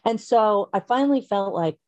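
A middle-aged woman, a company founder as a guest, telling her story in a casual interview and acting out quotes with big jumps in pitch. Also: animated, moderate pace, a little mellow, no echo.

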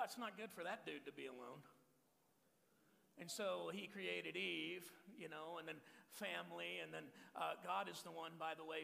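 A man in his forties from Texas, a pastor preaching a joking, energetic sermon to men and repeating his key phrases. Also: a little high, creaky, long reverb tail. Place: church hall.

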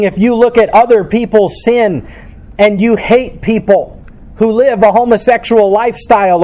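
A man's voice: sits high, mellow. A man preaching a sermon as pastor, reading scripture and explaining it with emphatic delivery.

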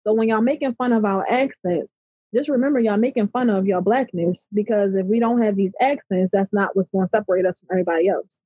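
An emphatic middle-aged woman with a Baltimore accent answers interview questions in a slightly husky voice. The sound is dry and a little muffled. She often checks in with "right?". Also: mid-range voice, fast, no echo. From Baltimore, USA. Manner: passionate, emphatic, repeats "right?". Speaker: interview guest. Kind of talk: conversational interview.

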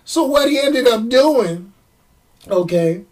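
Man, comic book channel host, casual rant, animated, rambling, distant mic. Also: extremely high pitch, slow pace. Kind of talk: casual chat.

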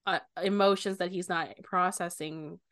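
A woman's voice: lowish voice, moderate pace, dry recording, studio quality. Casual woman retelling a book plot. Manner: animated retelling, quoting characters with bursts of swearing. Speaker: podcast co-host.

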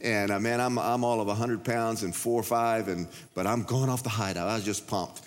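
A man's voice: fairly low pitch, steady tone, moderate pace. A middle-aged man preaching a sermon as a pastor, telling stories and acting out the voices in them. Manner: storytelling, acts out voices and shouts. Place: large church. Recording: reverberant church hall.

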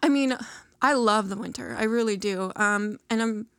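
A woman's voice: on the high side, normal speed, a bit bright, clear, resonant tone, no echo, studio quality. A woman talking casually as an interview guest, chatty and full of fillers, laughing often.

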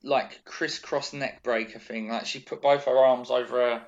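A man co-hosting a casual wrestling podcast, chatty and rambling with quick asides. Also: medium pitch, fairly even intonation. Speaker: podcast co-host. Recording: dull lo-fi sound.

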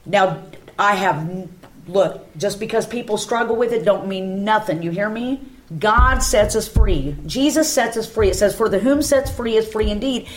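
A woman's voice: mid-range voice, normal speed. A woman, a guest at a church round table, telling an emotional personal testimony and acting out the dialogue in her story.

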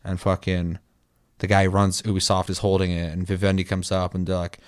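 Profane, animated man hosting a podcast. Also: deep voice, fairly quick, smooth. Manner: profane, animated, jokey voices for quotes. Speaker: podcast host. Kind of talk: casual gaming podcast chat.

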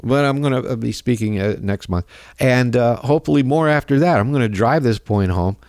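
A man's voice: mid-range voice, brisk, darkish tone, no echo, clean studio sound. A man hosting a radio talk show, delivering a rambling, sardonic monologue with frequent chuckles.

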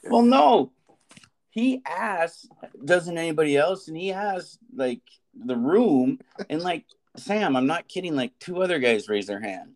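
A man's voice: a little high, sing-song, a little slow. Guy in his 40s, teacher podcast cohost, rambles and restarts a lot, keeps cracking up. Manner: rambling storyteller, stumbles and restarts, laughs a lot. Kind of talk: casual chat.

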